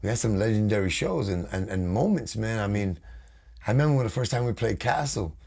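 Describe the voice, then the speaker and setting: Gravelly New York man telling stories. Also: lowish voice, fairly quick. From Brooklyn, New York. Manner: animated, swearing, acts out quotes. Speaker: guest vocalist. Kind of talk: casual storytelling interview.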